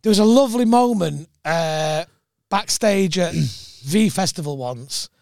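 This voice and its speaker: A man chatting casually on a podcast as a comedian guest, telling lively anecdotes and acting out other people's voices. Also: sits high, measured pace, gravelly, no room sound, clean studio sound. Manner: animated storyteller, acts out voices in anecdotes.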